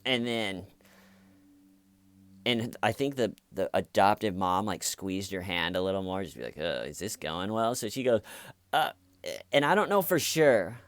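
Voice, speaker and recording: Casting: low-voiced man, unhurried wry commentary, dry close mic. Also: lively intonation, dry recording. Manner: slow, wry, acts out quotes in mocking voices. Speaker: commentary vlogger. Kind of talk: casual commentary monologue.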